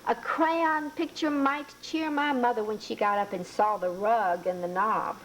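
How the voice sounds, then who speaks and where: A woman reading a children's storybook aloud in a slow, deliberate way. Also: fairly high pitch, fairly even intonation, a little hiss or hum, low-quality recording.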